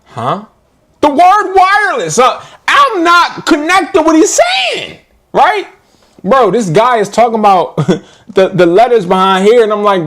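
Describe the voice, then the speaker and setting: Male reseller host, animated live rant, high and lively delivery. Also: measured pace. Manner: animated, slangy, ranting with laughs. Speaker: reseller live-streaming to viewers. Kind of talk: casual live stream rant.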